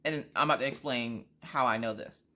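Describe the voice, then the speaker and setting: A woman vlogger chatting casually, rambling through an animated story with frequent asides. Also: extremely low pitch, brisk. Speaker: crafting vlogger. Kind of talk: casual chat.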